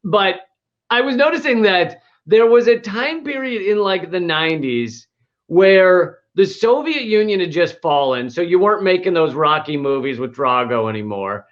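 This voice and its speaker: A man's voice: high-pitched, lively intonation, normal speed. A man hosting a casual comedic chat, rambling with many fillers, restarts and laughs. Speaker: podcast host. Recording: dull lo-fi sound.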